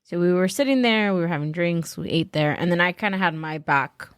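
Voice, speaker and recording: A woman's voice: fairly quick, smooth, no room sound, studio quality. A woman guest on a podcast, telling a story in casual chat, full of fillers and acted-out quotes. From Los Angeles. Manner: animated, acts out quotes in a higher voice, many "like" fillers.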